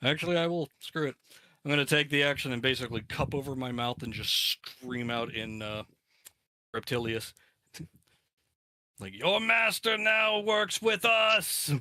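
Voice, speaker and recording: A man's voice: medium pitch, steady tone, normal speed, long pauses, sharp tone, dry recording. A man playing in a tabletop game, talking casually and hesitantly with lots of fillers. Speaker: player.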